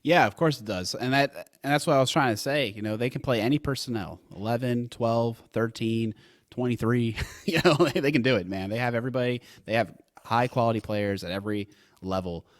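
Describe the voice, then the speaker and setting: A man's voice: mid-range voice, a little fast, dry recording, clean studio sound. A man co-hosting a casual sports talk show, speaking in an enthusiastic, rambling way. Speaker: co-host.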